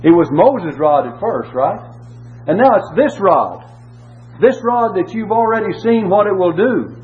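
High-voiced preacher on tinny audio. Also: male voice, animated, a little slow. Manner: emphatic, repeats key words, asks rhetorical questions. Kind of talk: sermon with scripture reading. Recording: tinny phone-like audio with faint hum.

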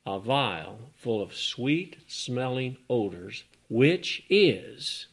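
A man delivering a sermon at an unhurried, drawn-out pace, with a voice of middling pitch. He reads scripture aloud and swings between loud, emphatic preaching and hushed, whispered asides. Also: very animated, creaky, slightly rough.

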